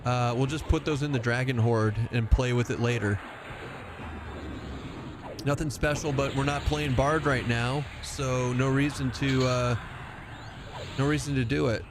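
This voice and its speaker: A man's voice: medium pitch, fairly even intonation, unhurried, long pauses, noisy background. Rambling, swearing male game streamer. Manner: rambling, swears freely, chats with viewers. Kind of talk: casual live-stream chat while playing.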